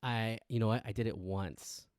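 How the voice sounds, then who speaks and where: A man co-hosting a casual podcast, an animated storyteller who acts out quotes. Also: on the low side, moderate pace. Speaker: podcast co-host. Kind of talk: casual chat.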